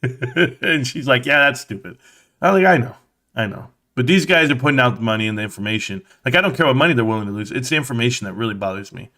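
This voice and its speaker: A man's voice: fairly low pitch, sharp tone. A man in his thirties hosting a casual stock market livestream, reading chat aloud in a blunt, mocking way, swearing and laughing often, a little tired. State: tired, yawning.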